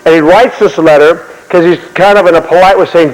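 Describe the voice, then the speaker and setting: A man preaching in a sermon-style history talk, animated, often repeating and restarting words, with a long hall reverb. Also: a little high, a little fast, few pauses.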